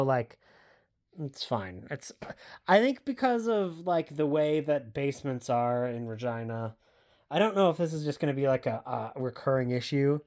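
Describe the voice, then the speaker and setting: A woman's voice: very deep voice, a little mellow. A woman, chatting casually and rambling in a home vlog from her basement, self-deprecating, full of fillers and the odd swear. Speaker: book vlogger.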